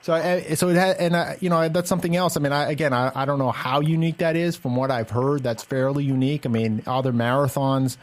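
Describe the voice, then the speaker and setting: A man's voice: medium pitch, steady tone, fast talker, hardly any pauses. A man from the Boston suburbs with a Boston accent, hosting a casual podcast chat and rambling with many fillers and restarts. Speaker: podcast host.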